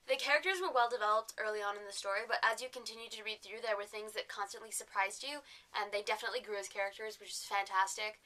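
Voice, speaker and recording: A woman's voice: medium pitch, sharp tone, rough recording. A young woman from Canada vlogging about books in a chatty, enthusiastic way with playful asides. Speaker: book vlogger. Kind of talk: casual vlog.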